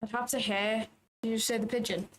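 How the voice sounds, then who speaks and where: A woman with a Manchester-area accent chats casually on her trading livestream, teasing and quick to laugh. Her voice sits a little high, with a faint hiss in the background. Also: little pitch movement. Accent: Manchester area, Northern English.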